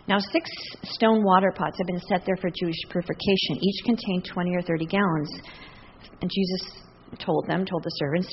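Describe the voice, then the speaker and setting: A woman's voice: lowish voice, a little fast, a little hiss or hum. An older woman preaching a sermon in a large church, chatty and humorous, laughing often. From US Northwest. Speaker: guest preacher. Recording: distant, dull sound with long hall reverb.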